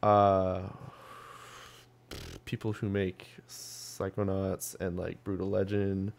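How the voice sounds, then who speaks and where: Young dude, lowish voice, rambling gaming podcast chat, lots of ums. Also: male voice, completely flat delivery, slow, vocal fry, darkish tone. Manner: rambling, full of ums and restarts. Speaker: podcast host. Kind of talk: casual gaming news chat.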